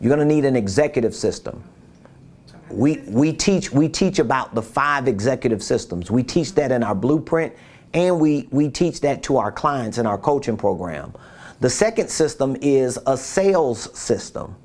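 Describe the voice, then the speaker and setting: A man's voice: medium pitch, sing-song, normal speed, darkish tone. A man giving a casual business coaching talk, repeating his points and asking rhetorical questions.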